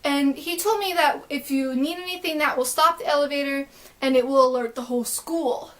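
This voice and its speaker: A young adult woman telling a storytime vlog, excitable and rambling, with lots of filler words. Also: high voice, fairly quick. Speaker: vlogger.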